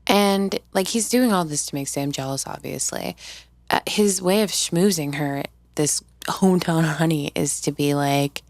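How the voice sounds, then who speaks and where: Woman, video host, casual recap commentary, animated, profane, slightly low voice. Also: a little slow, a little hiss or hum.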